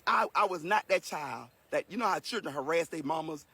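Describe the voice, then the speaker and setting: Gravelly high-voiced man preaching casually. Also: expressive, brisk, sharp tone, no echo. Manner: earnest and preachy, repeats himself, emotional. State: sweating. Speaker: speaker giving a lesson to viewers. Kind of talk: casual spoken monologue.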